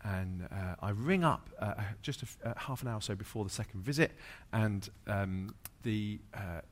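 A man's voice: on the low side, moderate pace. A man, a pastor, preaching through an anecdote, with many fillers and restarts. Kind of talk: sermon storytelling.

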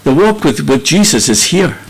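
A man's voice: a little high, big pitch swings, normal speed, creaky, slightly rough, poor audio. A middle-aged man preaching an earnest, heartfelt sermon, often repeating and restarting phrases.

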